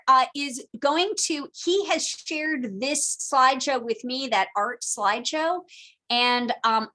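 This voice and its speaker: Woman, fairly high pitch, casual online lecture, chatty, animated, video call. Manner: chatty and animated, acts out historical figures in jokey quoted voices. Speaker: teacher.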